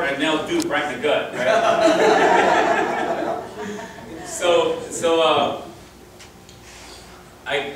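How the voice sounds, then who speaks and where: A middle-aged man casually telling rambling, chuckling stories with many restarts, speaking to a crowd at a reunion. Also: a little high. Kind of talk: casual storytelling speech to a crowd. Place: reunion gathering in a room. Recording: very echoey, distant, noisy room.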